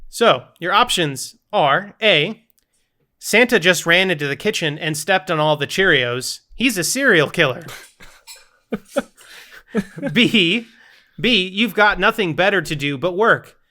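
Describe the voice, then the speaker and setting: A man co-hosts a relaxed podcast, reading out multiple-choice quiz options with a playful touch. His voice is bright and a little higher than most men's, with a forward, lively ring. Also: slow, long pauses. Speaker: podcast co-host running the game segments. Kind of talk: casual game-show podcast chat.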